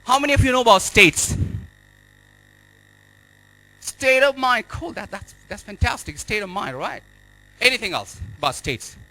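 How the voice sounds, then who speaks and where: Indian male life coach, high sharp voice, energetic stage speaker. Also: a little slow, long pauses, soft background music, poor audio. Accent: Indian English. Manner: energetic, repetitive, exhorting the audience. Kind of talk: motivational stage speech. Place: hotel event hall.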